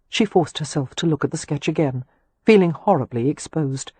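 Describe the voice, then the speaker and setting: A woman reads an audiobook with measured, steady storytelling. Her voice is soft and a little husky, recorded close and dry with no room around it. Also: sits low, no echo. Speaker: audiobook narrator. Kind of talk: scripted audiobook narration.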